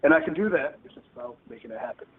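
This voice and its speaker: Male wrestler, press call, animated and dry-humored, tinny phone with faint hiss. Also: a little high, racing. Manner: candid and wry, joking about himself. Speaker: pro wrestler on a media conference call. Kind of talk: answering reporters' questions on a call. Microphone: telephone.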